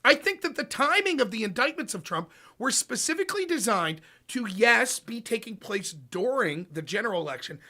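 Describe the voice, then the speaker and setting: A man with a high, bright voice that swings all over the place as he rants with lots of swearing. He is hosting a loose political chat show, and he talks in a quick, heated run. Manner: animated, profane, ranting. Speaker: podcast host.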